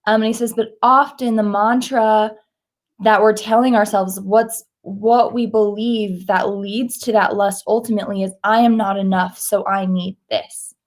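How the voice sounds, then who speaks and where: A woman speaking at church, retelling a story in a conversational, animated way with casual fillers. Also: mid-range voice, unhurried. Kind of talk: sermon with a retold story.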